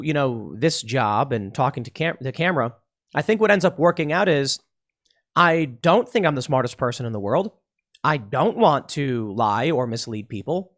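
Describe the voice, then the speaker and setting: A podcast host delivering a political commentary monologue, talking emphatically and repeating himself. He restarts his sentences often. His voice sits a bit higher than most men's.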